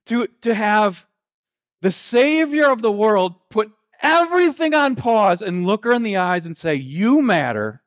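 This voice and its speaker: A man preaching a sermon, retelling a Gospel story in an earnest, halting way, with frequent restarts and slow, quiet quotations. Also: high voice, expressive. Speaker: pastor.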